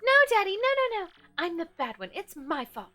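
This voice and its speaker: A woman voicing a headstrong young mafia daughter in a game, high, pleading and tearful. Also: sing-song, moderate pace, pushed and bright, exaggerated voice.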